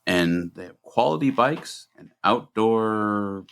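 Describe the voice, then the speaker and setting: Podcast guy w a lowish voice, rambling story, lots of ums. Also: slow, gravelly, smooth. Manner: rambling, animated retelling with many fillers. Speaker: podcast co-host. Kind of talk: casual storytelling chat.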